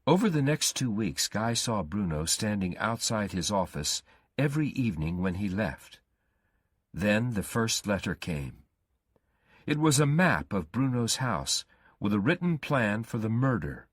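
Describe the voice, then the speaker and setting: A man narrating a graded-reader story in a slow, careful reading. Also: lowish voice, sing-song, slightly rough, dry recording, studio quality.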